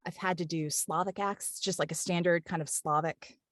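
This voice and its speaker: Lowish southern-lilt lady narrator, chatty and easygoing, lots of ums, dry close sound. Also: fairly even intonation, moderate pace, a bit bright, no room sound. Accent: Southern US cadence. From Kentucky. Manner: chatty, easygoing, many fillers. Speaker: audiobook narrator and voice actor. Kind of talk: casual interview chat.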